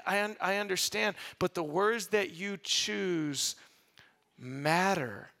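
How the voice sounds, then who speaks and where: A man preaching a sermon to a congregation, animated and conversational, acting out quoted voices and asking his audience rhetorical questions. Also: high-pitched, creaky. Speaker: pastor. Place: church in front of a live congregation.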